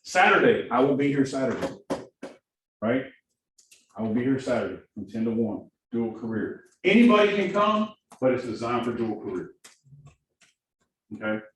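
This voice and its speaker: Energetic coach with a Southern accent. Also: male voice, medium pitch, normal speed, long pauses. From Missouri. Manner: energetic, keeps asking "right?". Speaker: productivity coach. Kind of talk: classroom training talk. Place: classroom. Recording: echoey room from far off, faint hiss.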